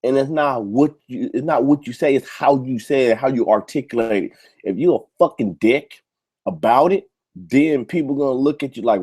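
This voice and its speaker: A man's voice: mid-range voice, normal speed, darkish tone, breathy edge. Heated, profane man ranting on his show. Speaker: YouTube show host. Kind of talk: ranting monologue to camera.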